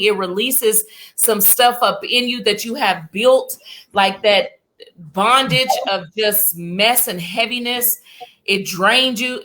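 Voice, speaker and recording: A woman's voice: a little high, bright, forceful tone, a little hiss or hum. A woman co-hosting a casual podcast, giving emphatic, preachy advice to a friend. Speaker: podcast co-host.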